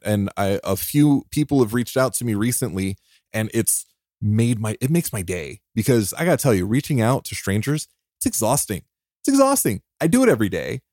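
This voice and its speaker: A man hosting a podcast alone, talking in an earnest, heartfelt way, emotional and near tears, often restarting and laughing softly. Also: fairly low pitch, dry recording, clean studio sound. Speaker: podcast host. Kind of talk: reflective solo podcast monologue.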